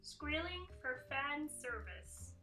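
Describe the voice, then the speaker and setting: A woman's voice: sits high, lively intonation, takes it slowly, sharp tone, far from the mic. A young woman doing a sarcastic comic countdown monologue, slipping in mocking impressions. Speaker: comedy vlogger. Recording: echoey room with faint music.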